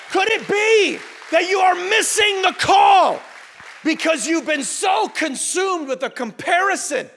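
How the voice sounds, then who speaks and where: A male pastor preaching a sermon with passion and shouting emphatic questions. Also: extremely high pitch, creaky, slight background noise.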